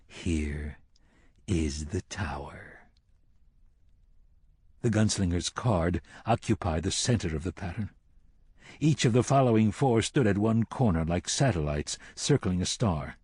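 A man reads fantasy narration slowly and dramatically. His low voice is husky and lively in pitch. It sounds dry and close to the mic. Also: no room sound. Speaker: audiobook narrator. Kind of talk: scripted narration.

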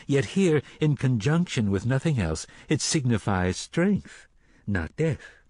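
A man's voice: medium pitch, big pitch swings, takes it slowly, a little mellow, dry recording, clean studio sound, pitched above the performer's own voice. A man voicing a sly, mocking male sorcerer who taunts as he reads the cards, in an audiobook reading. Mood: taunting. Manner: taunting and teasing.

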